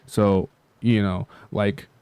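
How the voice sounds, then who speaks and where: Rambling man with a smooth, low voice. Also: flat delivery, slow pace, darkish tone, no room sound. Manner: rambling, many fillers, casual swearing. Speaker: channel host. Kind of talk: casual rambling chat.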